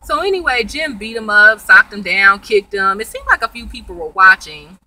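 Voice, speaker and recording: A woman's voice: mid-range voice, big pitch swings, moderate pace, sharp tone, poor audio. A woman casually recapping a TV episode, chatty and storytelling, acting out the characters' lines as she goes. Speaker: TV show reviewer.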